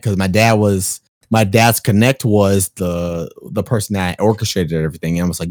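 A man from Chicago telling a story on a casual podcast chat, profane and animated, acting out quotes with big jumps in pitch. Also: brisk, few pauses, dry recording, clean studio sound.

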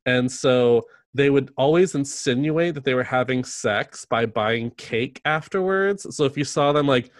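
Snarky, animated male podcast host. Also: medium pitch, a little slow, hardly any pauses, dry recording, clean studio sound. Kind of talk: casual chat.

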